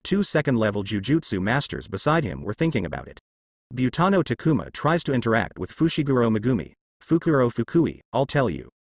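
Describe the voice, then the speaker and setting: A man narrating a translated fan novel in an even, unbroken reading voice. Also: mid-range voice, a little fast, no echo.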